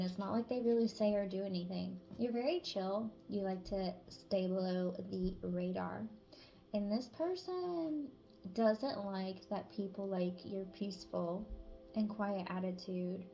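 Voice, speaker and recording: A woman's voice: medium pitch, a little mellow, slight background noise. A woman reading tarot messages in a casual, chatty way, swearing freely and sometimes dropping to a whisper. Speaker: tarot reader.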